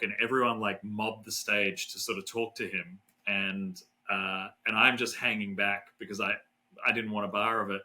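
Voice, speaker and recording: A man's voice: lowish voice, sharp tone, low-quality recording. A middle-aged Australian man, a neuroscientist guest, tells a story in a casual, rambling way with lots of fillers and restarts.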